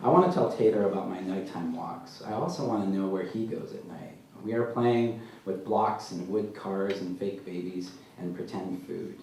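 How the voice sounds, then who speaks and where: A man as an author at a live literary reading, telling his story in a dry, deadpan way, recorded from far off in a large hall. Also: low voice. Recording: echoey hall, mic far off, faint noise.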